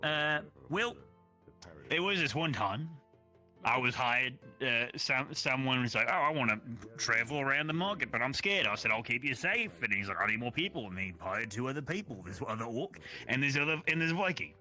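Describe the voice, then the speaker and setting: A man's voice: medium pitch, lively intonation, normal speed, bright, forceful tone, soft background music. A man voicing a crude, boastful orc mercenary who rambles through war stories and swears casually in a live role-play.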